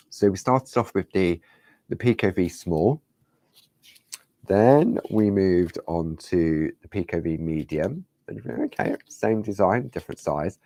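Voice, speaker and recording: A man's voice: low voice, darkish tone, no room sound. A man hosting a casual craft demonstration, chatty and rambling, often turning to viewers with rhetorical questions. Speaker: craft show host.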